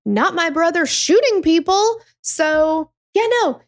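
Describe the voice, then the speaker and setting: A woman's voice: very high-pitched, measured pace, hardly any pauses. A woman hosting a true crime podcast, telling the story in a casual, emphatic way and swearing freely.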